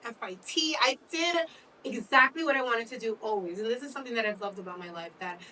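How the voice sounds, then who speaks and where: A woman's voice: a little high, fast, sharp tone, distant mic, slight background noise, rough recording. A woman co-hosting a talk show, chatting candidly and laughing often. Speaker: co-host. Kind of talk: casual chat.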